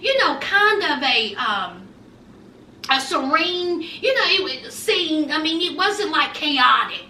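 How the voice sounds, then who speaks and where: A young woman recaps a reality show in a chatty, sassy way, high and bright in pitch. She keeps calling her listeners honey and child. Her voice rings in a roomy space, picked up from a little way off the mic. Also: big pitch swings, slow pace, a little hiss or hum. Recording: roomy echo, mic a bit distant.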